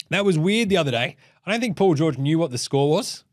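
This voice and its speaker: A man's voice: on the high side, very animated, a little fast, hardly any pauses. A young man hosting a basketball show, rambling and swearing as he acts out players in silly voices. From Australia. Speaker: basketball podcast host. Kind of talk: casual sports commentary.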